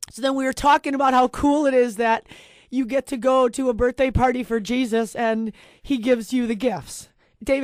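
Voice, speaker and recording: A woman's voice: sits high, no room sound, clean studio sound. A middle-aged woman hosting a talk show, speaking in an emotional, rambling and self-deprecating way to her co-host.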